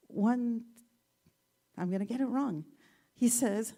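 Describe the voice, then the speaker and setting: A woman minister giving a sermon, telling stories gently with playful asides. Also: a little high, slow pace. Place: church sanctuary.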